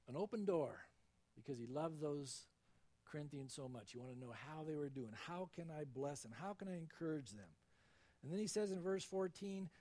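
A man with a notably high-pitched voice delivers a sermon. He reads scripture aloud and tells stories dramatically, his tone shifting expressively. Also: a little mellow. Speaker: pastor.

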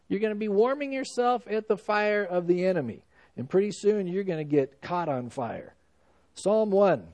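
A man's voice: sits high, darkish tone. A male pastor giving a sermon in a conversational preaching style, with frequent "you know" asides.

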